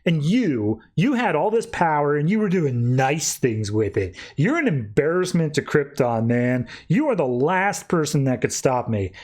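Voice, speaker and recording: A man's voice: a little high, very animated, a little slow, hardly any pauses, darkish tone. A man voicing an arrogant, villainous male alien god-king in a casual comedic retelling, taunting and threatening. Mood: menacing.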